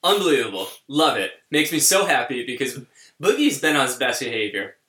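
Bright-voiced male podcast co-host, rambling. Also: mid-range voice, a little fast, echoey room. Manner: animated, rambling, restarts sentences. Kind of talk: casual podcast chat.

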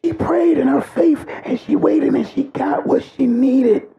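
A man preaching a sermon with great passion, his voice breaking into cries and shouts. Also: very high-pitched, a little slow, creaky, few pauses, lo-fi sound, a little hiss or hum.

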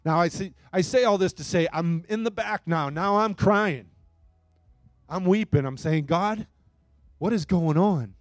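A man preaching a sermon and telling a story, his voice swinging between hushed moments and loud, emphatic bursts. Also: high-pitched, normal speed, no room sound. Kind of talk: sermon testimony.

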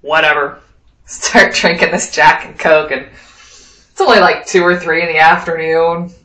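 A woman with a somewhat low voice tells a rambling personal story in a lively, casual way and jumps into the voices of the people in it. She sounds like she is in an echoey room. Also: normal speed. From Wyoming. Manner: lively anecdotal, acts out quoted dialogue.

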